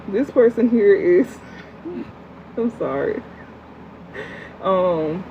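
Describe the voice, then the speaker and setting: During a livestream, a blunt tarot reader works through a reading in fast, slangy, profane bursts while responding to the chat. Her voice is medium-pitched with vocal fry, and the thin, phone-like audio carries a faint hum beneath it.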